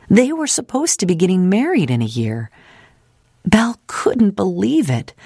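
A woman narrating an audiobook in a measured, expressive storytelling manner. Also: deep voice, no room sound, studio quality.

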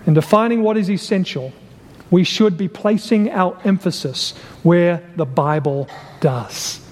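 High-voiced man preaching in a reverberant hall. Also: darkish tone. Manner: deliberate, emphatic, repeats key phrases, asks rhetorical questions. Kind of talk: sermon.

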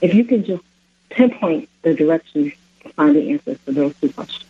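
A man's voice: fairly high pitch, very animated, brisk, creaky, slightly rough, no room sound. A male caller asking earnest, long, winding questions about scripture. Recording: muffled phone line on radio.

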